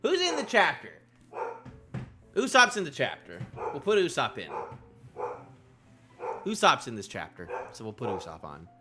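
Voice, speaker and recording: Bright, lively male streamer. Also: mid-range voice, normal speed, long pauses, faint music behind. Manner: excitable, repeats himself, drifts into tangents. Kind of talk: live manga reaction stream.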